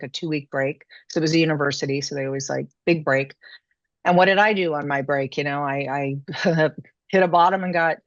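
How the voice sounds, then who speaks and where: A woman guest telling her story in a chatty, casual way, full of fillers and quick laughs. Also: low-pitched, no room sound. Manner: chatty, many "you know" and "like" fillers, laughs mid-story. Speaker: podcast guest. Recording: muffled lo-fi dry remote audio.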